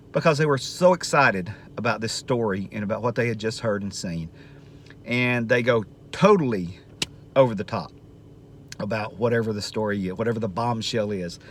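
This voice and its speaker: A retired man, telling a jokey story in a casual vlog and building up to loud exclamations. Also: medium pitch, a little hiss or hum. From Southern United States. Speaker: retired school administrator and vlogger.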